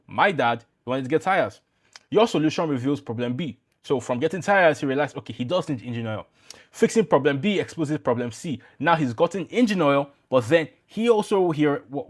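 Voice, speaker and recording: A man talking to camera as a YouTube growth coach in a business explainer, casual and emphatic, with blunt asides. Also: on the high side.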